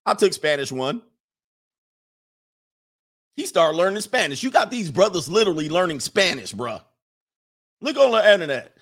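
This livestream host has a high, husky, fairly bright voice and sounds very animated, though he keeps a measured pace and pauses often. He reads viewer chats and riffs on them in a rambling, joking way, slipping into laughter and mock voices.

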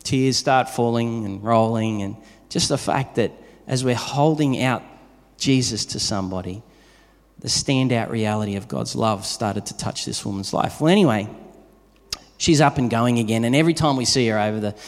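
A man preaches in a relaxed, conversational manner, weaving everyday stories into his sermon. His voice sits at an ordinary middle pitch. The sound rings with the long reverb of a large hall. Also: normal speed. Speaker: pastor.

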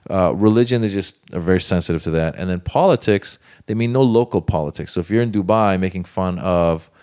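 A comedian telling a lively story in casual talk, acting out other voices. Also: male voice, low voice, fairly quick. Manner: animated, acts out voices in anecdotes. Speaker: comedian guest.

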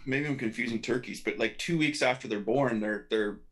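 A man co-hosting a casual podcast chat, telling animated stories and laughing easily. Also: mid-range voice, fairly quick. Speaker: podcast co-host.

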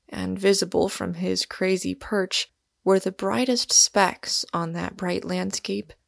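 A woman narrating a classic novel as an audiobook in a measured, deliberate way. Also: medium pitch, creaky, dry recording, studio quality.

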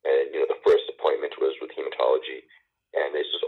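A middle-aged man telling stories as an interview guest, halting with many restarts and fillers, and a wry sense of humor. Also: a bass voice, little pitch movement, slightly rough. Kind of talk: casual storytelling conversation. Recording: tinny phone line.

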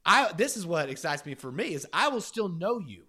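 A man's voice: high voice, sing-song, normal speed, sharp tone. A man talking enthusiastically and encouragingly in a casual faith conversation.

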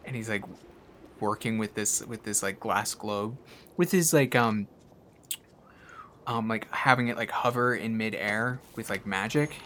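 A man's voice: fairly low pitch, moderate pace, fairly bright tone, a little hiss or hum. A man narrating as game master in a tabletop game, rambling casually with many fillers.

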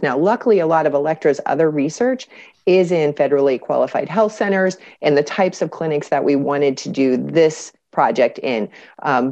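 A woman with a low voice works through a detailed explanation in an interview, pausing on fillers as she goes. The sound is dull and lo-fi. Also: dark tone. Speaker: cancer researcher guest. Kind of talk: podcast interview answers.

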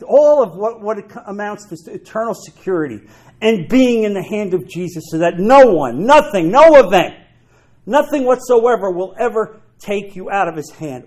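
Man, preacher, sermon, high-pitched voice, emphatic, repeats himself for emphasis. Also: darkish tone. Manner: emphatic, repeats key phrases.

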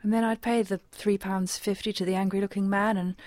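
A woman telling a comic monologue, wry and deadpan with sarcastic asides. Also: medium pitch, brisk, no room sound. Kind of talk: scripted comic monologue with character voices.

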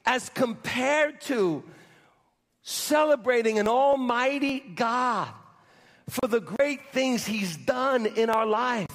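A pastor delivering a sermon in a very high voice for a man, leading the crowd in call-and-response and repeating his lines for emphasis. The sound rings with long reverb, as in a large church hall.

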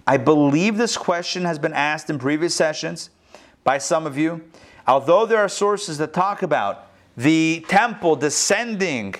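A man teaching a class as a rabbi, his voice sitting a touch higher than most men's. He talks with energy and keeps tossing rhetorical questions to his students, then answering them himself. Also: fairly bright tone. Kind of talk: interactive lesson.

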